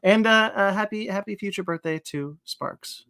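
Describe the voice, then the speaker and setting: A man's voice: sits high, normal speed, sharp tone, clean tone. A man hosting a podcast, casually wrapping up the show with plugs and thanks, full of ums and uhs. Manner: rambling, lots of fillers while reading out plugs. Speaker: podcast host. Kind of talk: casual podcast chat and sign-off.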